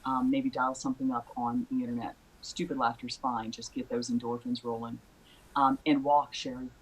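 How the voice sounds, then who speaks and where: A woman's voice: very deep voice, level tone, moderate pace, slightly rough, low-quality recording. A woman singer-songwriter, a guest in a casual video interview, giving earnest, encouraging advice.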